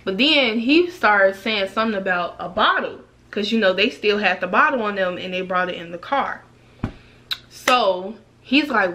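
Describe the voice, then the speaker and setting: A young woman tells a storytime vlog, acting out the quotes with sharp jumps in pitch. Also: normal speed, background noise. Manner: animated, acts out quotes with rising pitch. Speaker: vlogger. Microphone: camera mic, then phone vlog style.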